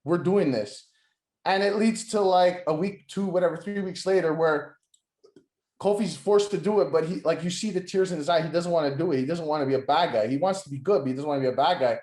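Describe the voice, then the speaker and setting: A man's voice: a little high, quick pace, darkish tone. A man co-hosting a casual wrestling podcast, rambling with lots of "like" and restarts, acting out quotes and swearing. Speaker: podcast co-host. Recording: echoey room.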